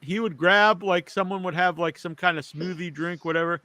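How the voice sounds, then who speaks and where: A man co-hosting a podcast who tells a rambling, animated story in a casual chat. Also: high voice, moderate pace, dry recording. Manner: animated, rambling, restarts often. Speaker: podcast co-host.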